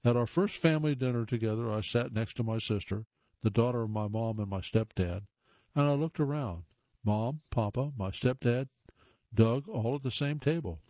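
A man's voice: medium pitch, normal speed, warm tone, no room sound, muffled recording. A man reading short stories aloud in a plain way, with occasional stumbles and restarts. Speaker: reader of listener stories.

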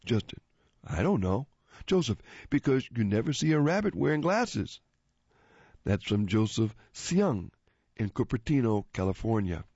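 A man hosting a joke segment, reading listener jokes aloud in an animated way and chuckling after the punchlines. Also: mid-range voice, unhurried, slightly rough, no echo. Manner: animated, switches voices for joke characters. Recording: dull, dry lo-fi recording.

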